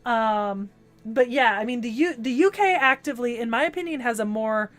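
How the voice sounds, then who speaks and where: A woman's voice: fairly high pitch, normal speed, soft background music. A young woman with a Californian accent chatting casually on an anime club podcast, rambling with lots of "like" and "um" and asking "right?". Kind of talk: casual chat.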